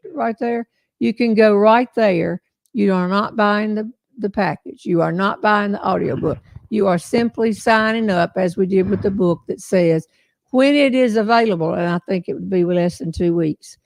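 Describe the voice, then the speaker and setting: An older woman with a Southern American accent talks in a chatty, folksy way. Her voice has a gravelly fry, and it sounds close and dry, with no room around it. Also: medium pitch, darkish tone, dry recording. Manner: folksy, chatty storyteller, laughs often. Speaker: host. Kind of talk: casual livestream chat.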